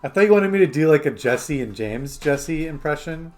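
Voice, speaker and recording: Man, streamer host, casual chat, animated pitch, rambling, filler-heavy. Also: normal speed, faint music behind. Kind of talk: casual chat while gaming.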